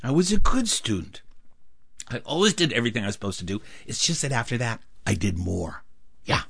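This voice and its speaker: A man performing a personal story, acting out the dialogue in an animated way. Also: mid-range voice, a little fast, gravelly, breathy edge, no echo. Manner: animated, acts out dialogue with varied voices.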